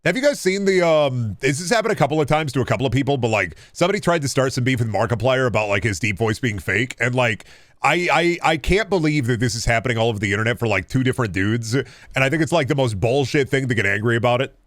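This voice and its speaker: A man with a deep voice streaming a game, chatting casually and swearing through quick asides, close to a studio microphone. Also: animated, fairly bright tone, dry recording. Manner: chatty, profane, quick asides while playing. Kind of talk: casual gaming stream chat.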